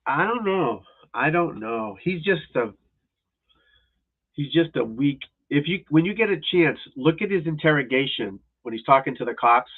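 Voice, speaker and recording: A man's voice: on the high side, expressive, moderate pace, breathy edge. A man hosting a livestream as a golf instructor, in a casual, rambling, blunt and profane rant. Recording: tinny phone-like audio.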